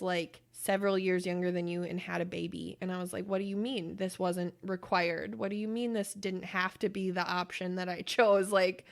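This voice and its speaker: A woman co-hosting a podcast in casual chat, blunt and profane, acting out quoted voices as she tells stories. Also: mid-range voice. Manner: acts out quoted voices while telling stories. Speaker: podcast co-host.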